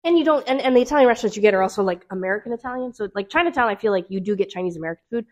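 A woman co-hosting a casual chat, telling stories in a quick, animated way and laughing often. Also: medium pitch, muffled recording. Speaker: co-host.

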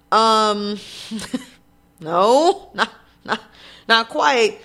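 A woman's voice: fairly high pitch, animated, slow pace, gravelly, long pauses, a bit bright. A woman vlogger giving casual commentary on a news story, talking straight to her viewers in a blunt, indignant way with plenty of swearing. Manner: chatty, addresses viewers directly.

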